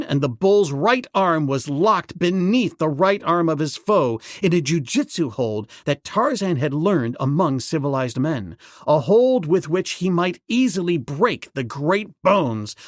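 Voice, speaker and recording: A man narrating an adventure audiobook in a dramatic, measured way. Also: fairly high pitch, big pitch swings, no echo, studio quality.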